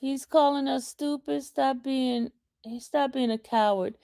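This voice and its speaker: Female livestream host, gravelly, slow delivery, teasing chat. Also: high-pitched, fairly even intonation, dark tone, no room sound, studio quality. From New York. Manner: taunting, reading chat comments aloud.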